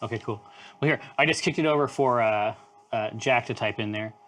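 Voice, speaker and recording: A man co-hosting a live brewing stream in loose, joking chat, who swears and now and then sings softly to the brew. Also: medium pitch, fairly quick, a little hiss or hum.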